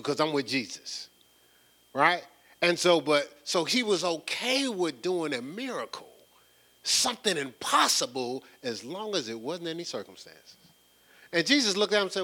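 A man preaching in a casual, conversational way, teaching from scripture with slangy phrasing and repeated words, building up excitement as he goes. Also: on the high side, normal speed. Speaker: preacher leading a Bible study. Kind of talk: conversational sermon.

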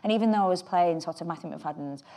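A woman's voice: on the low side, fast, mellow. An actress with a Northern English accent, chatting in an interview and telling rambling anecdotes about her roles. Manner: chatty, anecdotal, trails off mid-sentence. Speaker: actress guest. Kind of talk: relaxed interview chat.

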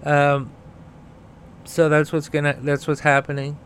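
A man's voice: on the high side, monotone, measured pace, fairly bright tone, slight background noise. Heated stuttering man ranting. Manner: profane and heated, repeats words while getting started. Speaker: podcast host. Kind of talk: angry political rant.

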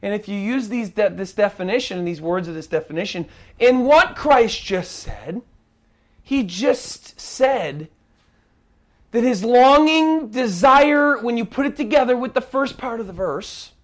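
Male pastor, sermon, slow delivery, emphatic, hushed to near shouting. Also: extremely high pitch, lively intonation.

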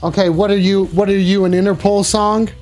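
A man hosting a crude comedy live stream, taking callers and talking loud and profane, often bursting into yelling. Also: high voice, little pitch movement, fairly quick, soft background music.

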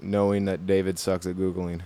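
A young man hosting a podcast, joking around in quick, riffing banter. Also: low voice, flat delivery, warm tone. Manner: jokey, riffing, quick asides. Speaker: podcast host.

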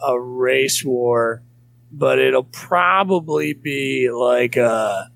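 A man with a gravelly, creaky voice rambles through casual podcast chat, crude and jokey and full of restarts. The sound is dry and close, with no room around it. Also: medium pitch, drawn-out words, a bit bright, dry recording. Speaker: comedian.

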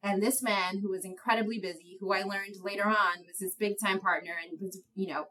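A young woman, a guest in an interview, telling stories in an animated way with frequent laughter at herself. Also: a little fast, rough recording. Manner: animated storyteller, laughs at herself, high light voice. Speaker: guest, attorney. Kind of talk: conversational interview.

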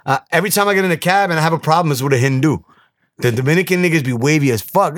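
A young man co-hosting a podcast, telling crude stories loudly and mimicking other people's voices. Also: a little high, very fast, dry recording, clean studio sound. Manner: loud, profane storytelling with mimicked voices. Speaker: podcast co-host. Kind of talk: casual crude podcast chat.

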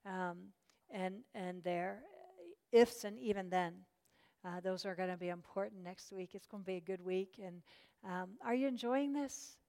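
A woman's voice: mid-range voice, a little slow, darkish tone, in a large hall. A woman teaching a Bible study class, encouraging and chatty, with many fillers and restarts.

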